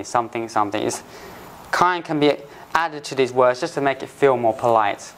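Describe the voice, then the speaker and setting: A man's voice: medium pitch, fairly bright tone. Patient man teaching English phrases. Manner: patient, repeats phrases slowly with many restarts. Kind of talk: explaining phrases to learners. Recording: faint background noise.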